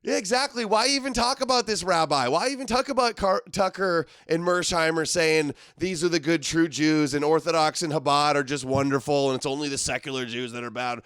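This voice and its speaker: A man's voice: a little high, fairly quick, hardly any pauses, a bit bright, clean tone, no room sound, studio quality. A man hosting a livestream, reacting to clips with sarcastic, exasperated commentary. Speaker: livestream host.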